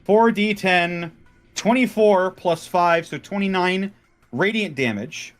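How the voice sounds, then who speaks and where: Slow-talking man playing a tabletop game. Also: high voice, faint music behind. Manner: casual, declares actions and rolls. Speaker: player.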